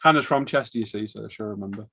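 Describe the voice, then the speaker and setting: A man's voice: on the low side, rapid-fire, gravelly, husky, no room sound. Chatty man with a dry close sound. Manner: animated storyteller acting out shop exchanges. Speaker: live stream host. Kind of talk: casual chat.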